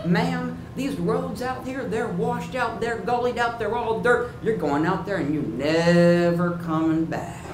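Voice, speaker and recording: A woman's voice: medium pitch, unhurried, few pauses, natural voice. A woman voicing a blunt, folksy female park ranger who calls people ma'am and gives gloomy warnings, on a live storytelling stage. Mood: doubtful. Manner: matter-of-fact, folksy, calls her ma'am. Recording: roomy live hall with audience noise.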